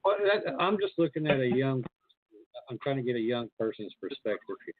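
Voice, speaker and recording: A man's voice: medium pitch, sing-song, brisk, dry recording. A man hosting a call-in show, asking conversational, probing questions. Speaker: host. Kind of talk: casual call-in chat. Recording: tinny phone line.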